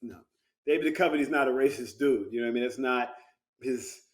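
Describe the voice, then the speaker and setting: A man's voice: medium pitch, brisk. A man chatting as a guest actor over a video call, telling stories with lots of laughter. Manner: animated storyteller, laughs often. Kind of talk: casual interview chat.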